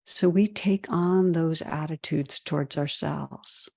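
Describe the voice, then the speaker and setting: A woman giving a dharma talk as a meditation teacher, gentle and reflective, often using "you know" and soft restarts. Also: low voice, takes it slowly, vocal fry, slightly rough, dry recording, studio quality.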